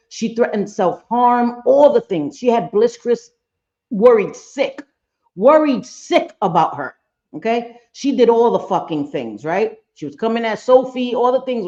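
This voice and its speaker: A woman's voice: fairly high pitch, warm tone, muffled recording. A woman hosting a live reaction stream, casual and blunt, swearing freely and repeating her points for emphasis. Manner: blunt, profane, emphatic repetition. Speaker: reaction channel host. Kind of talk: casual commentary on a played clip.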